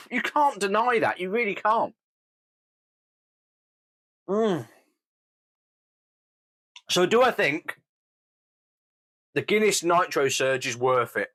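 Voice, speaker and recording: Man, casual review host, enthusiastic, slightly higher voice. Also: a bit bright. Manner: enthusiastic, gushing. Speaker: beer reviewer.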